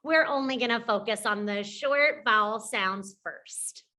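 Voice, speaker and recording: A woman's voice: fairly high pitch, a little slow, bright, forceful tone. A young woman teaching a phonics lesson to young children, encouraging them and singing simple letter-sound songs. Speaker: pre-K teacher.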